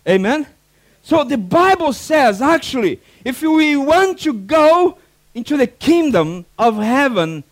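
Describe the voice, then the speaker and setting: High-voiced animated preacher man. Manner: animated preaching with acted-out quotes and non-native phrasing. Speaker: pastor. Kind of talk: sermon.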